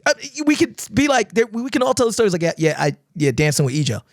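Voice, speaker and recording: Man, dance teacher, podcast chat, animated, swears a lot, dry close sound. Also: sits high, fast talker, no echo. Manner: animated storytelling, acting out crowds and shouts, swears often. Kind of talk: casual podcast conversation.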